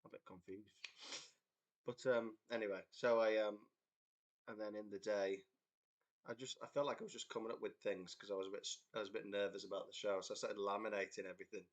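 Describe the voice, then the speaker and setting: A man's voice: on the low side, fairly even intonation, brisk. A young English man from a band, chatting casually on a livestream, telling a rambling story with frequent laughter and reading out viewer comments. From England. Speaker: band member hosting a livestream chat. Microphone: computer mic on a livestream.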